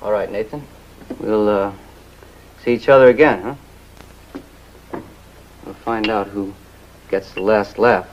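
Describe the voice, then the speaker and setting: An actor plays a menacing man who taunts a rival in a low, quiet, threatening voice, stretching each word out slowly. The sound is dull and lo-fi, like an old archive TV clip. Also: fairly even intonation, a little hiss or hum, close to an everyday voice. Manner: slow, drawn-out taunts.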